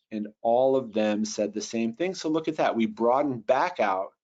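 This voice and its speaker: A man teaching Bible translation in a webinar, thinking aloud with fillers and restarts, and reading Greek words slowly. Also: mid-range voice, a little mellow. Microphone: computer mic on a video call. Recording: dull lo-fi webinar audio.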